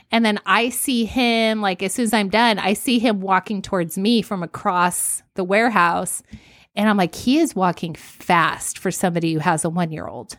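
A woman in her thirties co-hosting a podcast, telling stories in a casual, animated way and laughing often. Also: mid-range voice, no room sound, clean studio sound. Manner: animated storytelling, laughs often, acts out panicked quotes. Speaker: podcast co-host. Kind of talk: casual chat.

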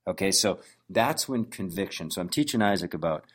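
Deep-voiced man, casual business coach, anecdotal and loose. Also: expressive, a little fast, slightly rough. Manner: conversational, anecdotal, with frequent restarts. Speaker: business owner coaching on sales. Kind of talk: motivational business talk.

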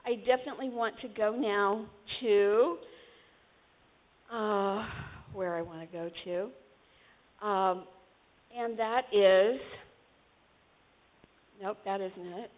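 A woman's voice: mid-range voice, takes it slowly, long pauses, phone-quality sound. A woman preacher giving a conversational sermon and urging her congregation to join in.

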